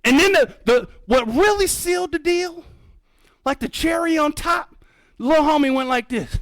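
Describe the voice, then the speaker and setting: A man giving a keynote talk as a birder and educator, telling a story with lively energy, calling the audience folks and acting out his own reactions. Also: very high-pitched, normal speed, no room sound. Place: museum event hall.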